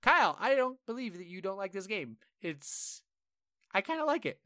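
A gaming podcast co-host with a high, bright, forceful voice, recorded close and dry without echo. He speaks at a moderate pace, telling lively stories full of swearing and acting out his own frustrated reactions as quoted asides.

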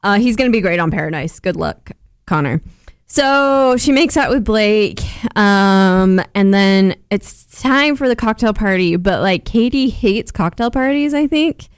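Woman cohost, mid-pitch voice, tells the story and acts out the quotes, dry close sound. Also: expressive, a little slow, smooth, dry recording. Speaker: podcast co-host. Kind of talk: casual chat recapping a TV show.

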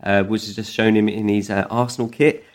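A man's voice: on the low side, level tone, fairly quick. A man co-hosting a casual football podcast, easygoing and rambling, with a lot of ums and the odd swear. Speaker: podcast co-host.

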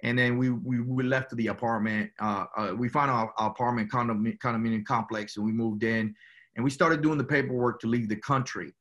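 Bright-voiced Cuban-born man telling his story. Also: mid-range voice, fairly even intonation, brisk, lo-fi sound. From Cuba. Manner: rambling, peppers speech with "you know" and "man". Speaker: guest. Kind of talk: casual storytelling.

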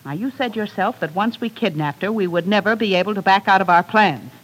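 A woman's voice: mid-range voice, brisk, a little hiss or hum, close to an everyday voice, rough recording. A woman playing a cruel, scheming female accomplice who talks in a cold, coaxing manner, in 1940s radio acting.

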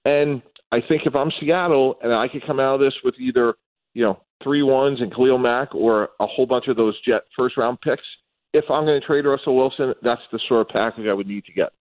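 A man speaking as a football analyst guest on a radio show, in a measured, analytical way. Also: mid-range voice, no room sound. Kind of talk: sports radio talk. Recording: tinny phone-line sound.

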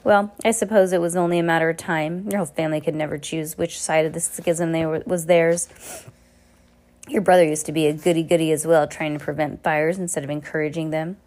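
A greedy, cruel villain sneers and mocks his captives, breaking into little giggled asides, as a woman reading a storybook aloud puts him on. The voice sits rather low for a woman's range. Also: fairly even intonation, fairly quick, darkish tone, natural voice. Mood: sneering. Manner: giggling "tee hee" asides, mocking.

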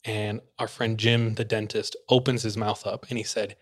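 A man casually telling a long, animated story, acting out the voices of the people in it and laughing along the way. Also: lowish voice, normal speed, hardly any pauses.

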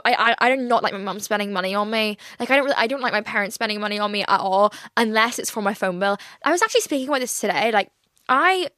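A woman's voice: medium pitch, a bit bright, dry recording. A young woman hosting her own podcast, talking in a candid, rambling way and swearing freely. She is teary and close to crying. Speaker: podcast host. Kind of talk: casual solo podcast chat.

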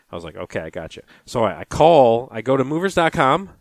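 A man's voice: medium pitch, fast talker, few pauses. A man spins a casual podcast story, his voice rising and falling a lot as he acts out both sides of a phone call. The sound is dry and close, with no room echo. He talks in a mid-range voice with an easy, chatty flow. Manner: animated storyteller acting out phone calls. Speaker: podcast co-host. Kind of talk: casual chat.

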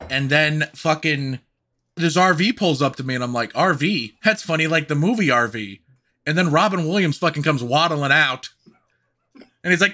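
A man's voice: fairly high pitch, bright, forceful tone. A man co-hosting a podcast, rambling through a story in casual, swearing chat. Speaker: podcast co-host.

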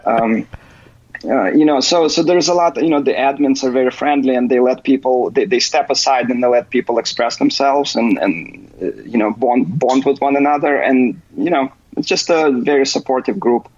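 A man talking as an interview guest, halting and full of restarts and "you know" fillers. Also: medium pitch, darkish tone, slightly rough. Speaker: interview guest, software developer. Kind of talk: casual interview. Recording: dull, lo-fi recording.

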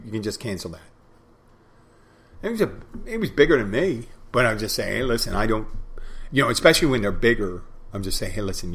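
A bartender hosting a podcast tells a bar story casually and at length, his voice sitting low. He repeats phrases and performs both halves of the dialogue.

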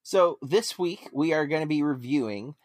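A man's voice: a little high, lively intonation, normal speed, no room sound, clean studio sound. A man hosting a film podcast, chatting casually and rambling with lots of fillers and restarts. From United States. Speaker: podcast host. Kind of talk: casual chat.

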